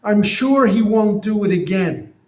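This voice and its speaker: A man's voice: sits high, unhurried, pitched above the performer's own voice. A timid, stammering donkey, as a man puts him on. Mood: meek, defensive. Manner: soft, stammering, defensive. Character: meek battered male donkey, loyal, making excuses. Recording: roomy echo.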